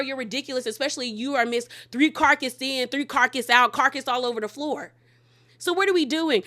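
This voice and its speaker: A woman's voice: fairly high pitch, bright, forceful tone. A woman recapping a reality show in chatty, opinionated commentary, full of "like" and retold dialogue. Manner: chatty, opinionated, heavy use of "like". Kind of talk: casual commentary, retelling scenes.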